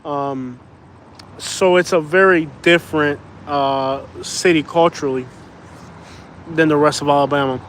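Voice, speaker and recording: A man's voice: a little high, steady tone, measured pace, fairly bright tone, slight background noise. Chatty man livestreaming outdoors. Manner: chatty, laughing, rambling. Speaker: vlogger, livestream host. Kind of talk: casual livestream chat.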